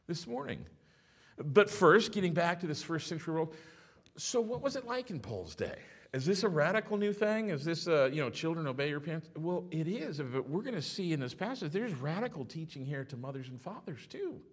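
A middle-aged man preaching a sermon as pastor, telling stories with animated swings between hushed and loud delivery. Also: a little high.

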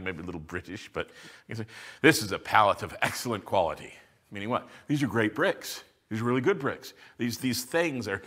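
A man's voice: medium pitch, sharp tone. A man preaching a sermon to a congregation, asking rhetorical questions and answering them as he teaches. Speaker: pastor. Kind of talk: expository sermon.

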